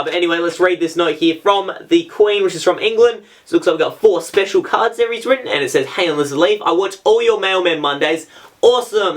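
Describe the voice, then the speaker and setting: Excitable young man opening fan mail. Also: on the high side. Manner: excitable, slangy, lively exclamations. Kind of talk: casual unboxing chat. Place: at home.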